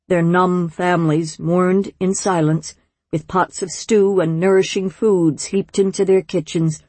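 Husky-voiced woman narrating a storybook. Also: on the low side, darkish tone, no echo. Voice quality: measured, wry storytelling. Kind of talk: audiobook narration.

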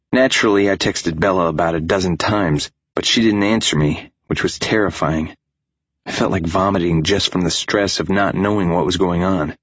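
A man narrating a first-person story as an audiobook, in a tense, anxious manner, voicing the dialogue quietly. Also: deep voice, breathy edge, no echo, lo-fi sound.

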